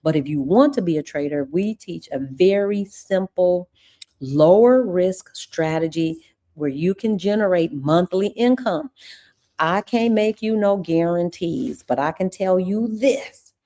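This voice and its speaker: Woman host, ex-teacher, live chat with viewers; mellow tone, gushing and chatty. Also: fairly low pitch, expressive, unhurried. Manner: effusive, chatty, calls viewers "y'all". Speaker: channel host; former teacher. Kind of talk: casual livestream chat with viewers.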